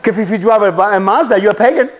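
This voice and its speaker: A man's voice: high-pitched, fast, slight background noise, poor audio. A man giving a conference sermon, preaching animatedly and putting rhetorical questions to the audience. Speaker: conference speaker. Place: conference hall.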